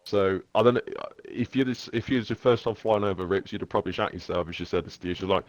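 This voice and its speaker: A man with an English accent, a podcast host telling a travel story in casual, animated chat and swearing freely. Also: fairly low pitch, fast, no echo, dull audio. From England. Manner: animated, swearing, loud shifts when quoting others.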